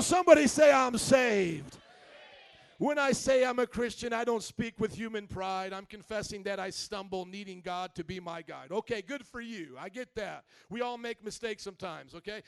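Man, very high voice, animated sermon, shouting preacher. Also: smooth. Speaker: pastor. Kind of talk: energetic sermon.

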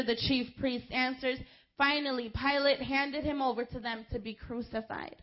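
A woman delivers a sermon in a high voice. She is impassioned and direct, talking straight to her congregation with informal asides. The recording is somewhat dull and lo-fi. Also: steady tone, normal speed. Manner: impassioned, rising to shouts when quoting crowds. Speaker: preacher.

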